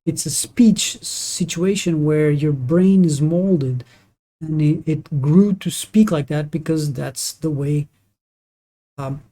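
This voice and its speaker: Casually chatting on a live gaming stream, this native Portuguese speaker has a mellow, mid-range voice. He voices strong opinions but stops and restarts a great deal.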